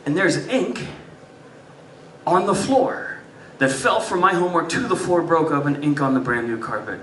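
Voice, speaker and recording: Recorded from afar in a roomy club, an animated male comic does stand-up storytelling on a live music venue stage, shifting from loud outbursts to muttered asides. He speaks at a moderate pace in a voice on the high side. Audience laughter and slight background noise come through.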